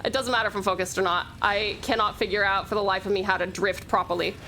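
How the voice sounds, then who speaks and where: A young woman streaming a racing game, excitable and giggly, chatting with viewers and swearing loudly when she loses. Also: mid-range voice, quick pace, slight background noise. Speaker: VTuber streamer. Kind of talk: casual gaming stream commentary.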